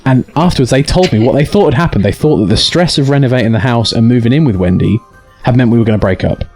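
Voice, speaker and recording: A man's voice: medium pitch, fast, soft background music. A young man hosting a live stream, telling a story with many restarts and acted-out quotes. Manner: animated, stammering restarts, acts out quotes. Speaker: streamer host.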